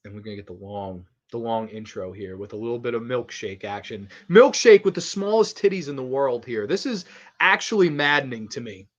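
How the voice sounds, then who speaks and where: A man hosting a casual fan commentary on a movie, excitable and crude, laughing often. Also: medium pitch, brisk. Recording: slightly dull lo-fi audio.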